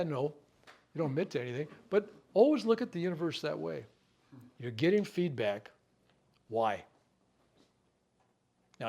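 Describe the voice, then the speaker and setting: A man's voice: on the high side, a little mellow. A reverend leading a healing workshop, talking in a folksy, conversational way. He jokes, asks rhetorical questions and acts out what people might say. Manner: acts out people's words in quick asides. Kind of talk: spiritual teaching talk to a live group.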